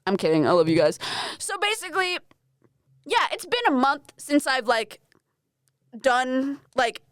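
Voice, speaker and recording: A young Australian woman hosts a solo podcast in a high-pitched, very animated voice that moves a little slowly and sounds fairly bright. Rambling and self-deprecating, she swears freely, and the recording is dry and clean, studio-grade.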